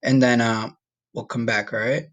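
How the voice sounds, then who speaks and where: A man teaching a recorded Spanish lesson to students, encouraging and casual, slowing down to model each word. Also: medium pitch, flat delivery, fairly bright tone, highs cut off. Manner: encouraging, talks straight to students, repeats words slowly to model pronunciation.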